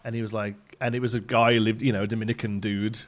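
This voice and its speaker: A man's voice: lowish voice, level tone, fast. Chatty man live-streaming a game. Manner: chatty, laughs often while talking. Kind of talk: casual live-stream chat. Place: home in Ontario, Canada.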